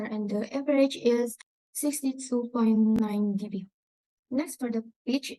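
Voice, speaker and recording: A woman's voice: a little high, warm tone, no room sound, poor audio. A young woman whose first language is Indonesian, a student presenting an exam project in a screen-recorded walkthrough, carefully reading out measurements step by step. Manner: careful, reads out numbers step by step.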